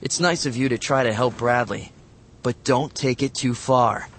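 A strict male schoolteacher who speaks sharply and firmly, played by a man reading a story. He is stern and leaves no room for argument, in a voice of ordinary pitch. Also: moderate pace, a little hiss or hum, natural voice.

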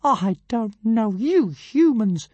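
A woman voicing a tiny, arrogant male dragon who thinks he is a god, with a squeaky, grand and scornful voice. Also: expressive, measured pace, a little mellow, dry recording, muffled recording. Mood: pompous. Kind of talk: audiobook character voice.

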